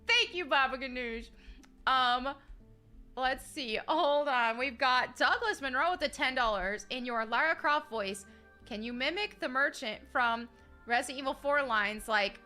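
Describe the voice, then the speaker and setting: A woman hosting a live game stream, talking to her chat in a relaxed, rambling way. Her voice sits high and sounds bright, and she laughs easily between thoughts. Faint game music plays behind her. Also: moderate pace. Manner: chatty and giggly, with frequent fillers and restarts. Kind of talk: casual live-stream chat, reading viewer messages.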